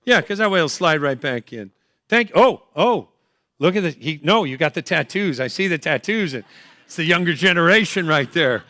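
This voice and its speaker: Bright, punchy middle-aged male comic. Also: a little high, animated, normal speed, dry recording, studio quality. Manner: loud, teasing, punchy crowd work. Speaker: comedian performing at a fundraiser. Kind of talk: stand-up comedy with audience banter. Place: event hall, live on stage.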